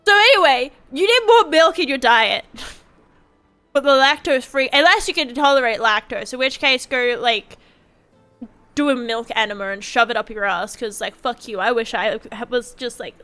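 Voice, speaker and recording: A young woman with a high, bright, sharp voice rants to her live-stream chat, swearing freely and piling on exasperated complaints. Faint music plays behind her. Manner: animated, profane ranting with frequent swearing. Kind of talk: casual live-stream ranting.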